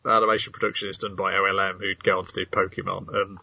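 A man's voice: low voice, flat delivery, fast, vocal fry, pushed and bright, breathy edge, no room sound. A man hosting a casual anime review chat, reading out credits with wry asides, on a dull lo-fi recording. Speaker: podcast host. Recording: dull lo-fi dry sound.

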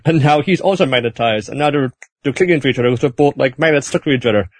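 A man's voice: mid-range voice, fast, no room sound. Rambling man recapping a story. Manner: rambling, animated, with frequent fillers and restarts.

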